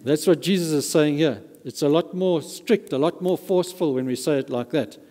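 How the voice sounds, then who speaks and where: This pastor's warm voice sits on the high side, and his pace is moderate. His sermon, echoing through a reverberant church hall, is emphatic, with words repeated for emphasis.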